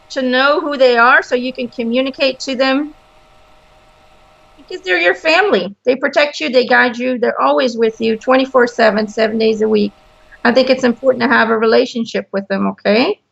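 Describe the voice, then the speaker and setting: A high, bright woman's voice with a gravelly edge talks her way chattily through a reading, laughing easily between remarks. The sound is dull and lo-fi. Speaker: psychic medium. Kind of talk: casual reading session. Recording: dull lo-fi audio.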